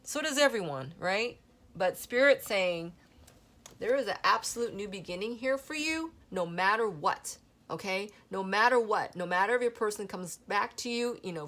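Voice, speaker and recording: A woman's voice: mid-range voice, a bit bright. A woman giving a channeled tarot reading to her viewers, rambling and emotional, often stopping to check in with them. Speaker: tarot reader.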